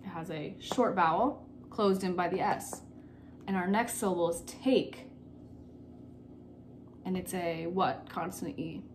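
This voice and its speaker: A woman teacher giving a recorded phonics lesson to children, patient and repeating key words slowly. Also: fairly low pitch, a little hiss or hum.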